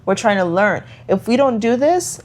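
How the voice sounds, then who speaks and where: A woman's voice: on the high side, lively intonation, normal speed, darkish tone. A woman co-hosting a casual podcast about motherhood, talking in a reflective, earnest way with many fillers. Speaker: podcast co-host. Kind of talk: casual chat.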